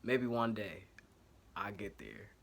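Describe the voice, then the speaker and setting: This fairly low-pitched male voice is very animated yet slow, creaky, and fairly bright, with slight background noise. He's an Ohio sports podcast host with an Ohio accent doing loose, slangy fan commentary in a single take on a home setup, correcting himself and apologizing for technical trouble.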